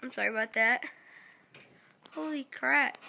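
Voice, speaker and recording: A woman giving casual game commentary in a high, bright voice. She talks at an unhurried pace but gets excitable, calling out to her viewers over and over. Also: vocal fry. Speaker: gaming video host.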